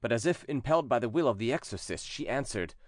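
A man narrating a classic text as an audiobook, telling the story in a lively, expressive way. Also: mid-range voice, quick pace, dry recording, clean studio sound.

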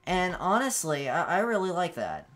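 A man's voice: high-pitched, sing-song, moderate pace, a bit bright, slight background noise. A man streaming a game, chatting casually, stammering and repeating words, breaking into yelps and laughs when frustrated. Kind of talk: casual gameplay commentary.

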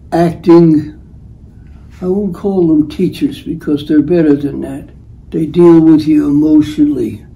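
Slow, dark-voiced older man telling stories. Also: on the high side, low-quality recording. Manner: unhurried, acts out the voices in his stories. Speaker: host telling life stories. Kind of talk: rambling storytelling monologue.

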